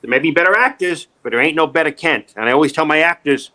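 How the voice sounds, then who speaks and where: Middle-aged man, acting coach, bright slightly high voice, emphatic and repetitive, casual interview. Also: fast talker. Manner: emphatic, repetitive, animated storytelling.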